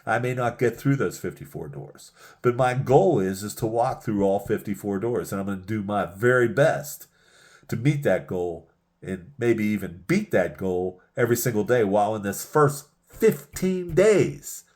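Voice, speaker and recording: A man's voice: fairly low pitch, animated, normal speed, darkish tone. A man giving a motivational sales lesson, emphatic and repeating key phrases for punch. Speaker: sales trainer.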